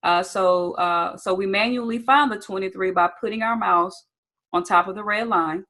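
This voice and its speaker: A woman's voice: mid-range voice, normal speed, bright, forceful tone, low-quality recording. A young woman leading a live online training session, talking casually and checking in with her viewers often. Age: young adult. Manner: casual, chatty, addresses viewers as "you guys" and "y'all"; checks in often with "okay?" and asks for chat answers. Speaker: trading instructor.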